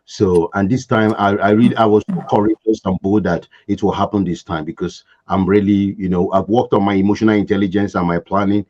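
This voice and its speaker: A man in his forties from Africa, a podcast guest telling his life story in a lively, acted-out way. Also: fairly low pitch, a little fast, few pauses. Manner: animated storyteller, laughs and acts out scenes. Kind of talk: casual storytelling interview. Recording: dull lo-fi sound.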